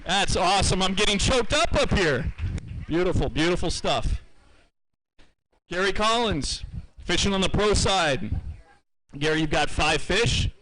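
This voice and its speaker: Bright-voiced upbeat weigh-in announcer. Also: male voice, high voice, lively intonation, a little slow, low-quality recording. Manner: upbeat, chatty, repeats weights twice. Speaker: tournament weigh-in emcee. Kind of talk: live event announcing. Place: outdoor weigh-in stage.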